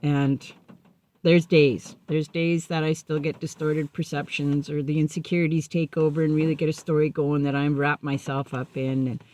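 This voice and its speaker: A woman's voice: low-pitched, normal speed. Candid woman telling her recovery story. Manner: animated, acts out remembered dialogue. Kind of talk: personal storytelling.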